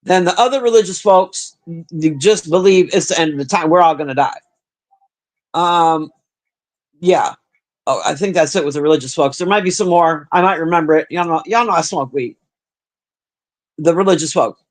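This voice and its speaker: A man's voice: fairly high pitch, moderate pace. A man livestreaming, chatting casually and crudely with his viewers in a rambling way. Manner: profane, chatty, talks to the chat. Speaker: livestream host.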